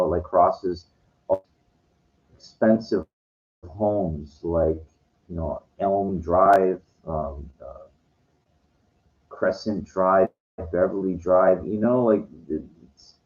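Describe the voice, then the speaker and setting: A man's voice: low-pitched, slow pace, long pauses. Rambling, profane man on lo-fi audio. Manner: meandering, profane, heavy with fillers. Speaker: vlogger. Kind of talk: rambling monologue. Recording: dull lo-fi sound.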